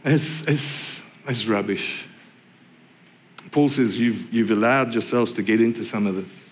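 A man's voice: lowish voice, measured pace, slight background noise. A middle-aged man preaching a sermon, conversational and joking, with playful asides to the congregation. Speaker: pastor.

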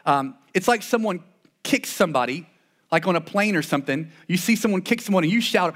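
Male pastor, high voice, earnest conversational sermon delivery with frequent restarts. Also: lively intonation, quick pace, fairly bright tone.

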